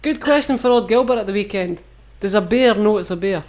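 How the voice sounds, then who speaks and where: A man's voice: high voice, brisk, darkish tone. A Scottish man hosting a podcast, joking and ranting with casual swearing among friends. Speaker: podcast host. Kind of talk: casual banter.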